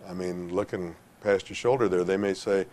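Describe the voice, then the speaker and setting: A man's voice: sits low, fairly even intonation, normal speed, darkish tone. A middle-aged man answering interview questions with folksy, emphatic advice and lots of fillers. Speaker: industry guest giving retail sales advice.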